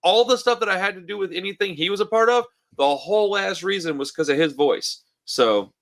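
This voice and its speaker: A man's voice: high-pitched, fairly quick, vocal fry, fairly bright tone. A man co-hosting a music podcast in casual chat over a remote call, talking enthusiastically and calling his partner dude and bro. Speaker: podcast co-host. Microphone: remote call mic.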